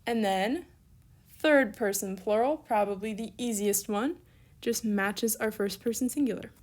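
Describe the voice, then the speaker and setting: In a recorded language lesson, a young woman with a medium-pitched, slightly mellow voice speaks at a measured pace. She stays upbeat and encouraging while working through examples, casually correcting herself and dropping in offhand asides.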